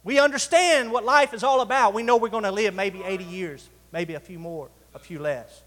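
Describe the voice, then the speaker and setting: This is a man preaching in a church, his voice high and a little bright, echoing through the hall. As the pastor, he calls on the congregation for responses and lingers on important words.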